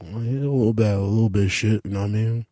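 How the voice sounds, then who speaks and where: A man hosting a casual chat, talking in a brash, profane way and jumping into high-pitched outbursts while telling stories. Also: fairly even intonation, very fast, dark tone, no echo, studio quality.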